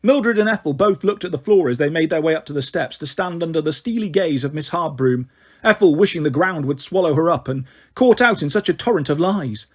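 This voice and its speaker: A man reading a children's story aloud in a steady, friendly way. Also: a little high, brisk.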